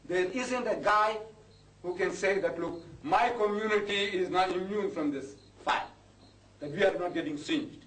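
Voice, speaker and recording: A man's voice: high voice, moderate pace, fairly bright tone. A man preaching to a live audience, impassioned and full of rhetorical questions. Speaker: Islamic preacher. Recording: echoey hall from far off, faint hiss.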